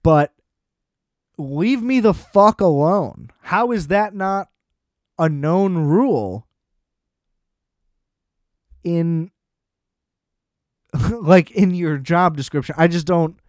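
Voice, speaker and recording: A young man rants sarcastically in a casual chat, swearing freely and putting on mocking voices. His voice is a touch high for a man and a little mellow, and he talks very slowly and expressively with frequent pauses. The recording is dry and close-miked.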